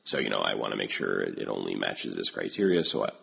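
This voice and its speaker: Gravelly, very deep-voiced man chatting casually. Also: big pitch swings, fast, sharp tone. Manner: rambling, many fillers and restarts, laughs often. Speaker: podcast host. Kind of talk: casual tech podcast chat.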